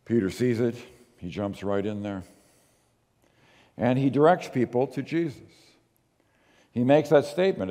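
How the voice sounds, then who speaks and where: A man preaching a sermon as pastor, moving between quiet asides and emphatic, slowed readings of scripture. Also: mid-range voice, animated, long reverb tail.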